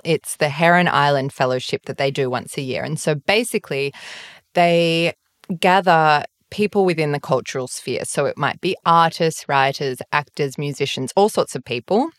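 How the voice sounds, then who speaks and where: A woman's voice: low-pitched, no room sound, clean studio sound. A woman from Australia, a guest author in a podcast conversation, telling stories with animation and acting out her own dialogue.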